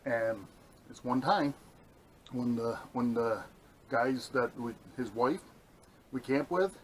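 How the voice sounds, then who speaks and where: A man's voice: medium pitch, slow, a little hiss or hum, low-quality recording. A man casually reviewing a camp meal he is cooking, rambling and enthusiastic, and talking as he eats. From New York state. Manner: enthusiastic, rambling, talks while eating. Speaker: outdoor vlogger. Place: outdoors at a campsite.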